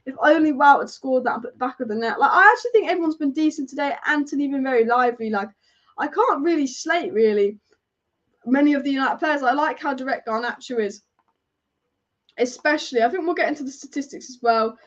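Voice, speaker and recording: Young female watch-along host, brightish higher voice, chatty and conversational, muffled live-stream sound. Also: brisk. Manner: chatty, reads out statistics, answers viewer comments. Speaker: fan channel host. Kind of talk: casual live match watch-along commentary. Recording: dull lo-fi live stream audio.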